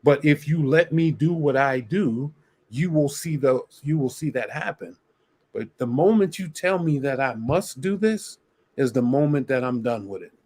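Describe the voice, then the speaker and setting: Medium in pitch but lively in intonation, his voice has a darkish, breathy tone and moves at a normal speed. He's a panelist reviewing a dating show on video, arguing casually and explaining at great length with plenty of restarts.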